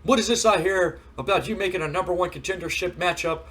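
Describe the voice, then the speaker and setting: A man's voice: high-pitched, fast, a bit bright, pitched above the performer's own voice. A man doing an impression of a cocky male wrestler who boasts and talks about himself in the third person. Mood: indignant.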